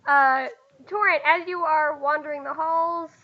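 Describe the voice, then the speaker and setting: A woman's voice: high voice, fairly even intonation, unhurried. A woman narrating as game master in a tabletop game, in a chatty way with frequent laughs. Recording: dull lo-fi recording.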